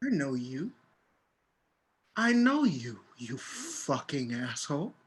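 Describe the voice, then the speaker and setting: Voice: mid-range voice, sing-song, takes it slowly. An actor voicing an angry, grieving young man in a play reading, speaking with defiance. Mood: defiant.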